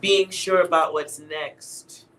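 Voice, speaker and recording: A man's voice: fairly high pitch, steady tone, takes it slowly, background noise. A man giving a casual, blunt tarot reading to his viewers, laughing at himself and swearing now and then. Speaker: tarot reader.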